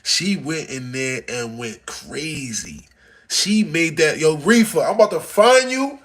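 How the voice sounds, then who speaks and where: A man from Texas telling stories casually to his livestream audience on a phone, dropping to low mutters and then rising into loud, excited bursts. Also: unhurried. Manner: animated, swings between mumbling low and loud excited bursts. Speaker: livestream host.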